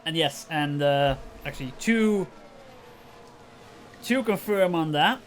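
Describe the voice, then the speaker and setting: A man's voice: fairly high pitch, lively intonation, slow, slight background noise. A tired Northern Irish man chatting casually on a late-night live stream, rambling and self-mocking with frequent chuckles. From Northern Ireland.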